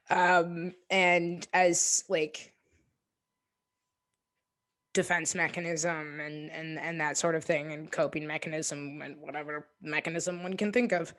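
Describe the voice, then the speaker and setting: A woman in her twenties, an interview guest, talking reflectively and hesitantly with many pauses and restarts. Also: sits low, fairly even intonation, fairly bright tone. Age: 20s. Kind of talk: reflective casual conversation.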